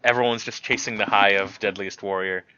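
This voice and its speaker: Bright-voiced young man, animated storyteller. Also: lowish voice, a little fast, clean tone, dry recording, muffled recording. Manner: animated storyteller, mimics people he describes. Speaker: podcast guest. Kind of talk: casual podcast chat.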